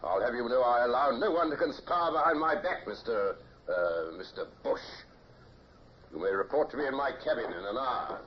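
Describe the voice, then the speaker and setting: A man's voice: medium pitch, animated, moderate pace, close to an everyday voice. A man playing a suspicious, paranoid British ship's captain who speaks curtly and accusingly. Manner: curt, accusing, sudden drops in voice. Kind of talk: 1950s radio drama acting. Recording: dull, faintly hissy old radio recording.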